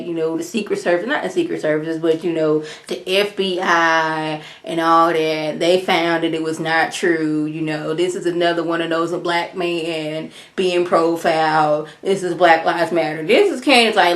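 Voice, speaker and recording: A woman's voice: lowish voice, normal speed, a bit bright. A woman, chatting casually as she recaps a reality show and acts out the cast's quotes in voices. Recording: echoey room.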